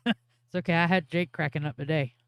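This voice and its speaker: A woman co-hosts a livestream, trading teasing remarks with the host and laughing often. Her voice is smooth and clear, recorded dry and close. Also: lowish voice, steady tone, moderate pace, dry recording. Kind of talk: casual chat.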